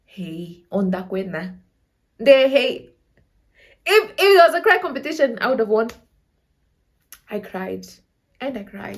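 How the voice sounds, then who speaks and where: Animated Namibian woman telling a story. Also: on the high side, unhurried, long pauses. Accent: Namibian English. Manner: animated, dramatic, laughs often, acts out quotes. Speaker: storytelling vlogger. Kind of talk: casual storytime chat.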